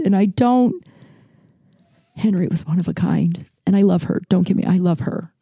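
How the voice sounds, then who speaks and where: Rambling woman podcaster, dark dry voice. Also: medium pitch, normal speed, gravelly, husky, no room sound. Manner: rambling, filler-heavy, animated retelling. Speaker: podcast host. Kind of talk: casual storytelling monologue.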